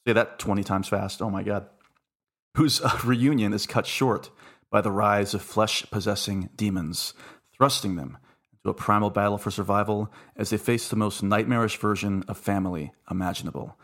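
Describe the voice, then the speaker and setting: Gravelly-voiced chatty male podcast host. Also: on the low side, steady tone, moderate pace, a bit bright. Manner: chatty, jokey, self-interrupting. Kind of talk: casual chat.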